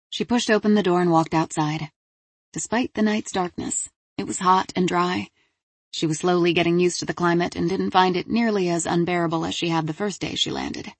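A woman narrating a crime thriller audiobook in an even, measured reading. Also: lowish voice, slightly rough, no echo.

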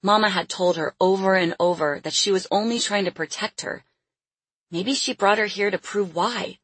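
A woman reading a novel aloud as an audiobook narrator, in a measured and expressive way. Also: mid-range voice, breathy edge, dry recording. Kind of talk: scripted storybook narration.

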